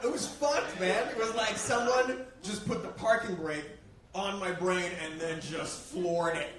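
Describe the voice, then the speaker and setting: A man's voice: high-pitched, unhurried. Male stand-up comic, self-mocking and profane, live club set with lots of room echo and audible background noise. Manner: animated, self-mocking, swears freely. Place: comedy club stage. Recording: roomy live-club sound, mic heard from a distance. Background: audience laughter.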